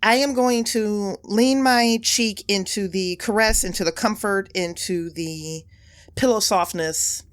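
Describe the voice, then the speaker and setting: A woman's voice: mid-range voice, measured pace. A woman player in a tabletop game, describing her character's actions intensely and vividly.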